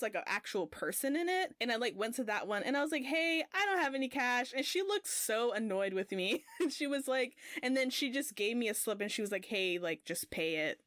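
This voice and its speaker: A woman's voice: medium pitch, no echo, studio quality. A young woman co-hosting a podcast, telling a rambling story in casual chat and filling it with "like". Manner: rambling, heavy use of "like", animated when retelling. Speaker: podcast co-host.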